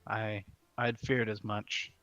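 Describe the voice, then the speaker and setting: A man's voice: fairly low pitch, flat delivery, slow pace, fairly bright tone, dry recording, muffled recording. A man voicing a polite, curious adventurer who asks his questions hesitantly.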